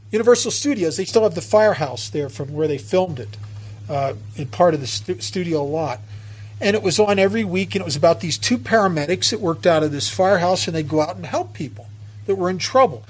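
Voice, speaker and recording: A man in his fifties giving an earnest twelve-step recovery talk, halting and restarting as he tells stories. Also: sits high, lively intonation.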